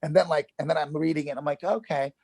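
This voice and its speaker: A middle-aged man with a New York accent and a gravelly, husky voice, spinning animated stories in a casual interview. He swears freely, restarts his sentences often and keeps going without pause. The sound is dry and close. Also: on the high side, no echo. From Yonkers, New York. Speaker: actor guest.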